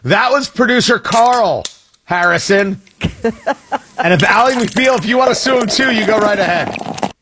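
A man's voice: high voice, measured pace, background noise. A man hosting a morning radio talk show, joking wryly and interrupting himself as he riffs. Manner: wry, joking, self-interrupting. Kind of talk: casual morning radio chat. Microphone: studio microphone.

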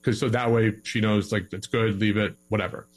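A man giving relationship advice in a casual podcast conversation, animated and acting out both sides of an argument. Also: lowish voice, brisk.

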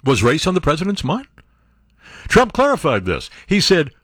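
A man's voice: high voice, very animated, normal speed, fairly bright tone, no echo, studio quality. A man hosting a political talk radio show, reading out court opinions and answering them with sarcastic, incredulous commentary.

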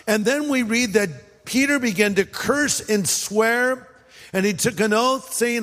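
High-voiced Californian pastor preaching. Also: male voice, unhurried, fairly bright tone, long reverb tail. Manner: conversational preaching with acted-out quotes and humor. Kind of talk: sermon.

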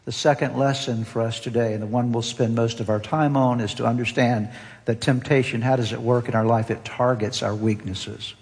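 A pastor preaching a sermon, earnest and emphatic, repeating key phrases for weight. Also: male voice, mid-range voice, steady tone, normal speed, creaky, a little mellow. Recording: long hall reverb.

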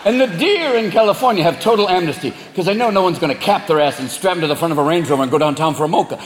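A man doing stand-up comedy on stage, profane and animated, shouting punchlines. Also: on the high side, rapid-fire, few pauses, background noise. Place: large venue with audience. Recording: echoey hall, loud crowd laughter.

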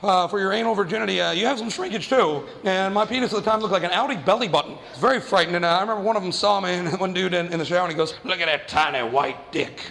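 High-voiced man telling stand-up stories. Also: racing, vocal fry, hardly any pauses, a bit bright. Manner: conversational, self-mocking, with frequent fillers. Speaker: stand-up comedian. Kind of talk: stand-up storytelling. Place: comedy club stage. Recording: long hall reverb, faint noise.

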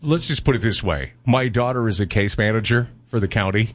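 A middle-aged man co-hosting a show, telling stories in a casual, animated way. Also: fairly low pitch, brisk. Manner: animated storyteller, laughs often. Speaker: radio co-host. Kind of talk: casual radio chat.

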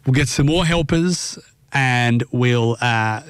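Put-upon co-host, mid pitch, dry close sound. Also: male voice, slow pace, smooth, dry recording. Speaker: podcast co-host. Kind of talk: comedy podcast banter.

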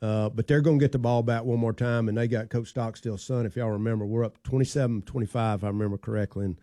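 Male host, relaxed and warm, folksy raconteur; dry, close recording. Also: mid-range voice, fast talker, no echo. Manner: folksy, loose storyteller who drifts softer at phrase ends. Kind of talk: casual storytelling conversation.

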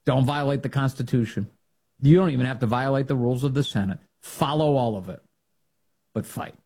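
A man's voice: animated, normal speed, husky. A man hosting a political talk show, delivering commentary in an emphatic, rallying way. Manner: emphatic, rallying, swings to loud high bursts.

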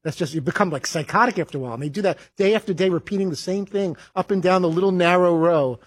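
High husky guy on radio, rattles on fast. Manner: rambling, earnest. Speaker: radio show co-host. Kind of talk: casual talk radio banter.

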